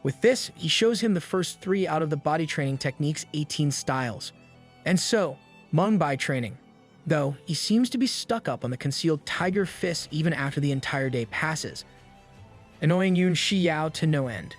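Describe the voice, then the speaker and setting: A man narrating a manga recap in a brisk scripted delivery, dropping slangy jokes between plot beats. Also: a little high, lively intonation. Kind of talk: scripted narration with quick asides. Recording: voice-over over soft background music.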